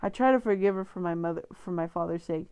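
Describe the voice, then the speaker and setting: Woman reading a novel out loud for her channel, smooth clear voice, restarts words a lot. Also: lowish voice, fast talker. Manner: joking, slangy asides. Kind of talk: casual read-aloud with chat breaks.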